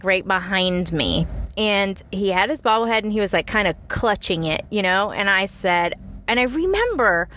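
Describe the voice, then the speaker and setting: A woman hosting a self-help podcast, telling a personal story in a chatty, animated way with frequent asides to the listener. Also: medium pitch. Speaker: podcast host.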